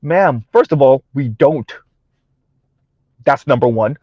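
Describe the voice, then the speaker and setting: A man's voice: mid-range voice, slow pace, a little mellow, slightly rough, no room sound, lo-fi sound. A man giving a combative, sarcastic opinion rant to his viewers, repeating his points and laughing between them. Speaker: commentary vlogger.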